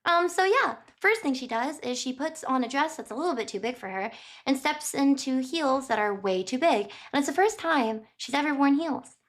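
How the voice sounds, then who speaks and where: Chatty streamer girl retelling a book, lotsa likes and ums, kinda high pitched. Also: lively intonation, moderate pace. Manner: rambling, lots of "like" and "um"; giggly and apologetic.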